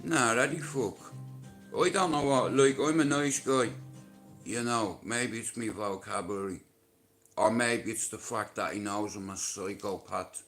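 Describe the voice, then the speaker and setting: A man's voice: on the low side, unhurried, a bit bright, soft background music. A man with a Northern Irish accent, ranting on his vlog in a profane, combative, taunting way. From Ireland. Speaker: YouTuber.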